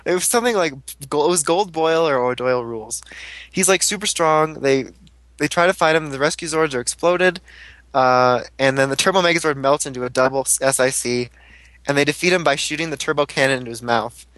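A man hosts a casual podcast chat. He rambles along with a higher-than-usual pitch and drops swear words freely. The sound is dry and close, with no room echo. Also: brisk, a bit bright.

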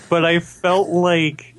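A man chatting casually with friends, speaking slowly and stumbling over his words. His voice sits a little high for a man. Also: a bit bright. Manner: hesitant, repeats words. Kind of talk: casual chat among friends.

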